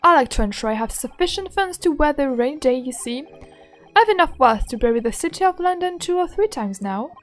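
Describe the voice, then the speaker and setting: A boastful, blustering rich man who brags about his wealth , put on by a woman reading a game aloud. The voice sits high and swings widely, with a put-on Irish lilt. Soft music plays behind. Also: animated, a little fast. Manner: bragging, loud, folksy put-on Irish lilt. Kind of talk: voicing game characters in a playthrough.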